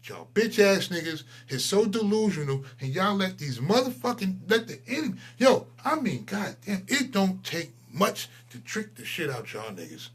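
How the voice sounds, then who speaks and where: A man in his forties, a channel host, delivering a profane, heated ranting monologue that swings between loud outbursts and low mutters. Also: very animated, moderate pace, few pauses, husky. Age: 40s.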